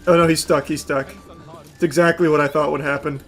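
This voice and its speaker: A man giving live gaming commentary, breaking into excitable shouted outbursts and profane, self-mocking asides. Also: on the high side, brisk, faint music behind. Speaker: gaming streamer.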